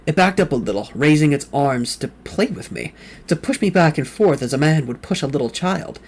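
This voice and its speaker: A man's voice: on the high side, expressive, brisk, breathy edge. A man reading a novel aloud in the first person with dramatic intensity, sometimes slipping and correcting himself mid-sentence. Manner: reads with rising intensity, quoted lines shouted or whispered; occasional slips and self-corrections mid-sentence. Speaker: fan reader of a novel.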